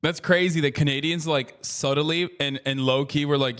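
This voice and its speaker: Profane, animated male streamer ranting. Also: a little high, moderate pace, hardly any pauses, clean tone. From United States. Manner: animated, profane, swings into loud mocking rants. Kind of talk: casual livestream commentary. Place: traveling in Japan.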